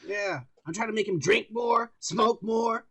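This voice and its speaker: A man co-hosting a podcast in casual chat, reading out comments, crude and loud, often laughing and shouting. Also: high-pitched, a little slow, vocal fry, a crowd in the background. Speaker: podcast co-host.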